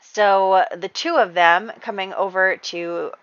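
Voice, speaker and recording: A woman's voice: mid-range voice, fairly even intonation, takes it slowly, fairly bright tone, clean tone, dry recording, dull audio. A woman narrating a life-sim game in a chatty, casual storytelling way, full of fillers. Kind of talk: casual let's-play storytelling.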